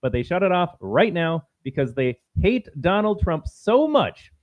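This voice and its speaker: A man's voice: high-pitched, sing-song, unhurried, no room sound, muffled recording. A man co-hosting a political podcast, talking in a blunt, indignant way. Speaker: podcast co-host. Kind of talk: heated political podcast talk.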